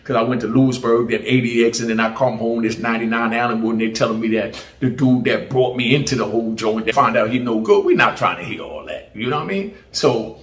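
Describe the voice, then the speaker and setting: A man's voice: mid-range voice, quick pace, hardly any pauses. A middle-aged man from Jamaica with a Jamaican accent, telling his prison story in casual street slang and acting out the voices of others. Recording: roomy echo.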